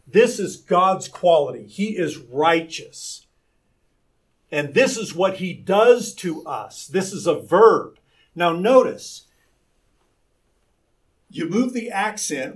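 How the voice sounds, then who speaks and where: A man's voice: on the high side, distant mic. A man teaching a Bible lesson, explaining words by asking rhetorical questions.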